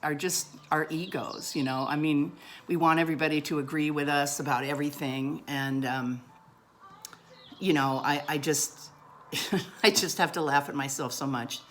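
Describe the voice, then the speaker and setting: A middle-aged woman with a low voice tells a personal story in a casual, chatty way. She pokes fun at herself and laughs often. A faint hiss sits under her voice. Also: fairly even intonation, moderate pace, a bit bright. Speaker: vlogger.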